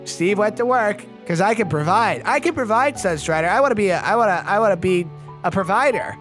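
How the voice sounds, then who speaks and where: A man's voice: high voice, animated, a little fast, a bit bright. A man playing a dim, stammering boyfriend. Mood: clueless. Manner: stammering, rambling. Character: dim, sweet boyfriend, clueless and rambling. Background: background music.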